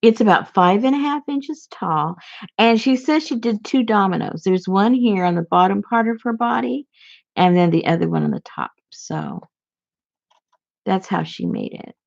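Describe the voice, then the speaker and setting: Chatty gravelly woman, lo-fi sound. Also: mid-range voice, sing-song, moderate pace, long pauses. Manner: chatty, giggly, rambling. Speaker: crafter showing handmade gifts. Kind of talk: casual vlog chat.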